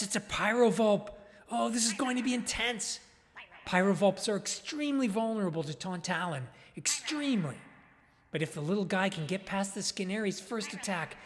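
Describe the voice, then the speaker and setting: A man's voice: high-pitched, fairly bright tone. A man playing an eager, awestruck male nature filmmaker narrating with enthusiasm, recorded with long reverb. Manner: enthusiastic, wide-eyed. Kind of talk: dramatized monologue.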